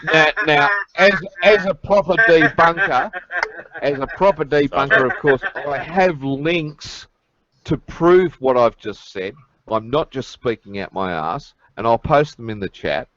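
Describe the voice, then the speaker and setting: A man's voice: medium pitch, measured pace, a bit bright. An Australian man joking and swearing freely in a casual group chat. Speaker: panelist. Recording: dry, dull lo-fi voice chat.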